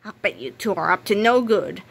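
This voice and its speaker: A woman's voice: mid-range voice, a little fast, creaky, husky. Woman doing a gloating grumpy principal. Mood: angry. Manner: shouting, gloating. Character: grumpy middle-aged male school principal.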